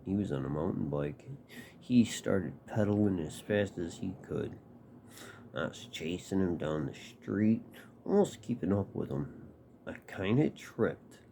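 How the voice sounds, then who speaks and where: A man's voice: low voice, vocal fry, mellow, slight background noise. A man telling a personal story casually, swearing and acting out quotes.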